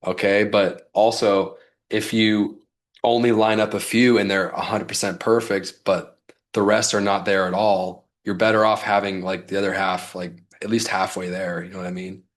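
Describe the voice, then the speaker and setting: A man's voice: on the low side, little pitch movement, moderate pace. A man coaching his audience in a casual livestream, loose and fired up, peppering his talk with "like" and mild swearing. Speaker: business coach.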